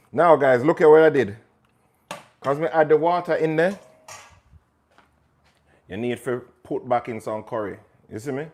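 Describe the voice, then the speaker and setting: A man's voice: mid-range voice, normal speed, pauses often, a little mellow. A man with a Jamaican accent hosting a live cooking stream, chatting and joking with his viewers as he cooks. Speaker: chef hosting a livestream. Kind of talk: casual live cooking chat.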